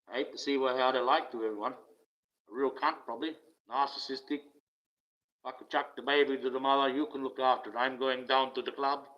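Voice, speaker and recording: Older aussie bloke venting, swears a lot, kinda dull lo-fi sound. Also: male voice, mid-range voice. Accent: Australian. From Australia. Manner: swears often, bitter and rambling, with wry laughs. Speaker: online streamer. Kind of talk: casual rant. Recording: slightly dull lo-fi audio.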